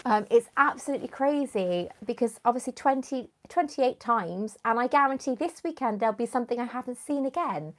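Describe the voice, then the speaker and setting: Chatty woman, slightly high voice. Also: animated, brisk, few pauses, fairly bright tone. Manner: chatty, rambling, answers viewers by name. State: runny nose, clearing her throat. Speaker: YouTuber hosting a live stream. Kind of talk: casual live-stream chat.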